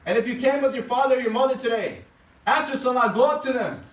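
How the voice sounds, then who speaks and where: A man delivering a Friday sermon as preacher, pressing the congregation with rapid rhetorical questions. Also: very high voice. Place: mosque prayer hall. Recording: echoey hall, distant mic.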